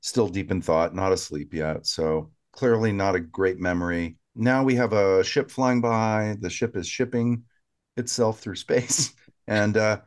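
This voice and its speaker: A man's voice: fairly low pitch, measured pace. A middle-aged man co-hosting a casual podcast, telling stories and recapping scenes in detail. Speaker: podcast co-host.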